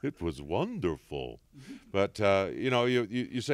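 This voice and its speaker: A man, a voice actor, telling animated stories with frequent laughter in a casual convention interview. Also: on the low side, measured pace, dry recording. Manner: animated storyteller, laughs often. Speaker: voice actor guest.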